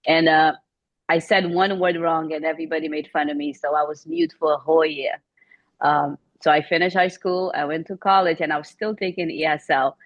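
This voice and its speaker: Low-voiced tearful woman guest. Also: steady tone, brisk, no room sound, highs cut off. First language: not English. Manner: tearful, laughs at herself. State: recovering from a cold, emotional. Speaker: guest, teacher. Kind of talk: personal story on a talk show.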